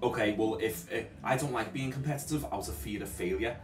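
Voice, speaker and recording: A man's voice: lowish voice, brisk. A man co-hosting a podcast as a gym coach, chatting loosely with lots of "like" fillers. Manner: relaxed storytelling with many "like" fillers. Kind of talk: casual chat. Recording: echoey room, far from mic, music behind.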